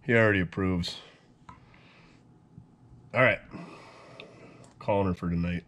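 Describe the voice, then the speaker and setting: A laid-back man talks through a truck build in easygoing workshop commentary. His voice sits a little low, and he jokes with viewers as he goes. A faint hiss runs under the recording. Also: steady tone, unhurried, fairly bright tone. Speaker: mechanic and video host.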